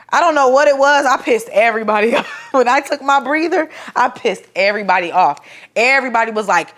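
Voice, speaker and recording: A young woman telling the story of her home birth to the camera, casual and profane, acting out what people said loudly and growing soft and quiet when emotional. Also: on the high side, brisk. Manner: animated, profane, acts out quoted voices loudly.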